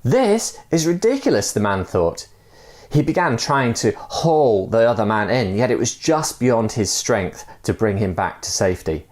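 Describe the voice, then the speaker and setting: A pastor preaching a sermon, telling a fable in a relaxed way with many fillers. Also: male voice, fairly low pitch, measured pace.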